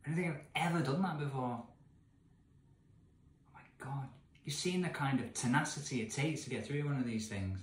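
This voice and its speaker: An English man in his thirties, ranting in disbelief to the camera, swinging between loud outbursts and muttered asides. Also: mid-range voice, quick pace, few pauses, reverberant, slight background noise. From England. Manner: incredulous, ranting, swings from shouting to mumbling. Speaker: vlogger reading a gamebook. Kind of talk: exasperated rant to camera. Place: indoor room with candles, away from home.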